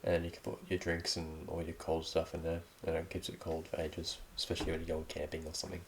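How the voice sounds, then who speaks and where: A man's voice: low-pitched, completely flat delivery, fast, background noise. A young Australian man hosting a casual solo podcast, reading out slang with offhand, sweary remarks and the odd laugh. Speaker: podcast host.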